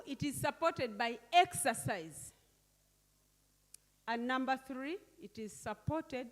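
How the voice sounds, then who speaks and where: A woman leading a teaching workshop, often questioning her audience and repeating key words back to them. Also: high voice. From Uganda. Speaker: workshop facilitator. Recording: echoey hall.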